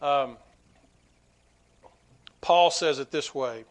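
A man preaching a sermon to his congregation, swinging between quiet asides and loud, emphatic peaks. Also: fairly high pitch, unhurried. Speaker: pastor.

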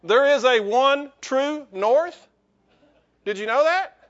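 Pastor guy, really high voice, slow sermon, joking with the crowd, muffled lo-fi sound. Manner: lively, joking with the congregation. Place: church.

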